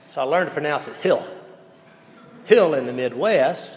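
Pastor man preaching, kinda high voice, folksy stories, long church echo. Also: lively intonation, moderate pace. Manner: folksy storytelling, swinging from loud to hushed. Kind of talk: sermon. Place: church sanctuary. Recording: echoey church hall reverb.

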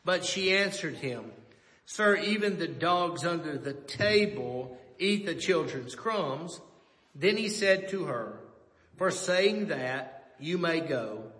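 Male pastor, high bright voice, slow measured sermon delivery, echoey church hall. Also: animated. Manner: measured, storytelling preacher. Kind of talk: sermon with scripture reading.

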